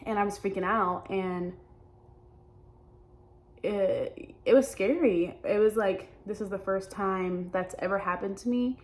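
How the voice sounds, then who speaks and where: A young adult woman talking openly in a personal vlog, halting and hesitant, often restarting her sentences. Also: medium pitch, fairly even intonation. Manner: earnest and open. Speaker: vlogger.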